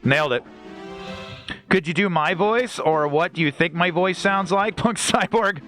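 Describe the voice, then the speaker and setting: A man streaming a video game with jokey, animated banter in casual commentary. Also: sits high, measured pace. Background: game music.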